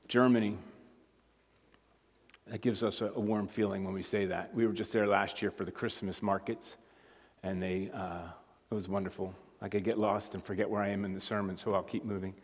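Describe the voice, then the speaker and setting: A man preaching as a guest speaker, moving between quiet conversational asides and emphatic rising points. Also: fairly low pitch, husky. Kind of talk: sermon. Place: church sanctuary. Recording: long hall reverb.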